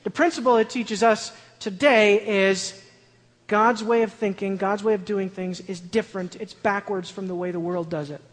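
High-voiced man preaching in a reverberant hall. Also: fairly even intonation, moderate pace. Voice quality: high-pitched voice. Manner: earnest, builds to loud emphatic declarations. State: shaky. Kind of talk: sermon.

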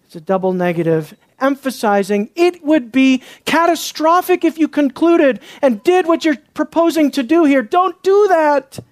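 A preacher delivering an expository sermon, emphatic and worked up, firing off rhetorical questions and dropping into hushed asides. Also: high voice, animated, moderate pace, few pauses, dry recording.

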